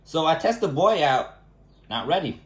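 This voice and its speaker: Animated, indignant man in an echoey room. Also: fairly high pitch, moderate pace. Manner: animated and indignant, repeats phrases for emphasis. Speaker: vlogger. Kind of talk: casual storytelling rant.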